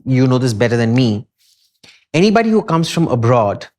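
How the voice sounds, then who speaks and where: Indian man, podcast guest, animated pitch, emphatic, opinionated, medium voice. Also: normal speed. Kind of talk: casual podcast discussion.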